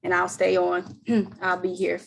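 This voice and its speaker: A woman's voice: lowish voice, monotone, a little slow, gravelly, a little hiss or hum, low-quality recording. A woman presenter on a video call, wrapping up questions in a chatty way with many ums, her voice worn from talking all day. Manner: chatty, warm thanks, trails off with ums. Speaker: webinar presenter. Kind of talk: casual Q&A wrap-up on a video call.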